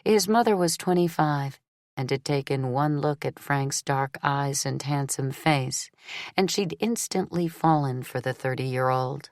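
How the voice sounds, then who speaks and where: A woman narrating a romance novel audiobook in a measured, steady storytelling delivery. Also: rumbling low, no room sound, studio quality.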